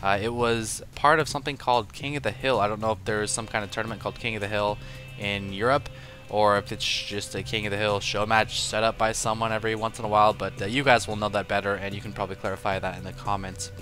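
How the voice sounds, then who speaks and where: Bright-voiced joking game commentator man. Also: on the low side, level tone, fast talker, faint music behind. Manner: joking, self-deprecating, rambling asides. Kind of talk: casual esports commentary.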